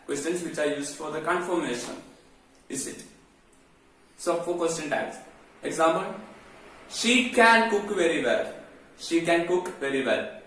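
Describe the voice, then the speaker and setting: A man giving an English grammar lesson, explaining step by step and often pausing with "okay". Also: fairly high pitch, fairly bright tone. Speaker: English teacher. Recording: very echoey room, far from the mic.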